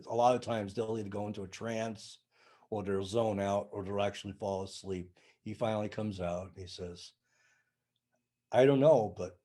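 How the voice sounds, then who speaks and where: Mellow-voiced man telling a story. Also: lowish voice, slightly rough. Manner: animated storyteller, acts out dialogue. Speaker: sound healing practitioner, podcast guest. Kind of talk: casual storytelling chat.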